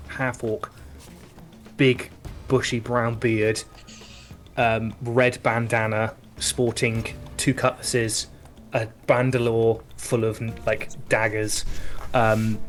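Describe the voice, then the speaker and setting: Halting game master, faint music. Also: male voice, medium pitch, a bit bright. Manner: halting, searching descriptions. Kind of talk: narrating a tabletop game.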